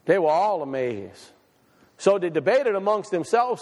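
A man's voice: sits high, very animated, unhurried, a little mellow. A man preaching a sermon in a church hall, firing rhetorical questions at the congregation and reading scripture aloud. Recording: long reverb in a hall.

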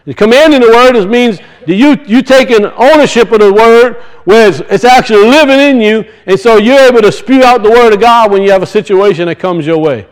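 A pastor with a noticeably high voice delivers a sermon in a loose, conversational way. He keeps asking his listeners questions, then drifts into homespun stories. He sounds middle-aged. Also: brisk, few pauses, poor audio. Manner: conversational preaching with rhetorical questions and folksy stories.

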